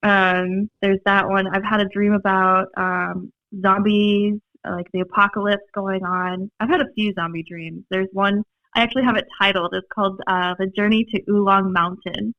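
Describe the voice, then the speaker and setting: A young woman with a Minnesota accent, a podcast guest telling stories in a rambling, animated way, full of fillers and laughs. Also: mid-range voice, moderate pace, hardly any pauses, no room sound. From Minnesota, USA. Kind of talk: casual storytelling chat. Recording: dry, slightly dull podcast audio.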